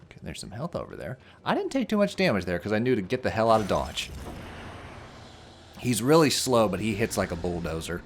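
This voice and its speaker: A man's voice: fairly low pitch, a little fast, slight background noise. A man playing through a game on a let's play, chatting casually and telling stories with laughter. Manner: animated storytelling, laughs, mimics people. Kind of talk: casual gaming commentary.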